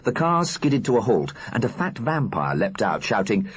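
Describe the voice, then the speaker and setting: Husky, expressive male audiobook narrator. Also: medium pitch, moderate pace. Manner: expressive, animated. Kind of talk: scripted narration.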